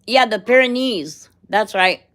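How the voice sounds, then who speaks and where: A woman's voice: fairly high pitch, expressive, a little slow, fairly bright tone. A middle-aged woman in casual chat, rambling from one story to the next and laughing often. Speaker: vlogger.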